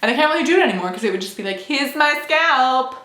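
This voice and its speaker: A woman's voice: mid-range voice, lively intonation, rapid-fire, noisy background. A young woman vlogging casually to camera at home, candid and chatty, with playful sound effects. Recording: echoey room.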